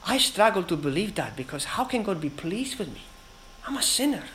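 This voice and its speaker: A man preaching a sermon in an earnest, emphatic way, with dramatic pauses between phrases. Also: high voice, very animated, fairly bright tone, slight background noise, low-quality recording.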